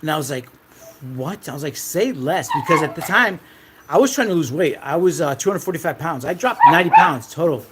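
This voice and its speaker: A man's voice: a little high, animated, quick pace, heavy background noise. A man in his thirties casually telling a rambling, repetitive story from his own life, swearing now and then. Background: dogs.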